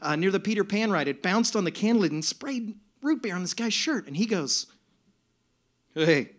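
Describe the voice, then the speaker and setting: A man telling a comic personal story live on stage, in an animated, self-mocking way. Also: sits high, a little fast. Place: stage at a music venue.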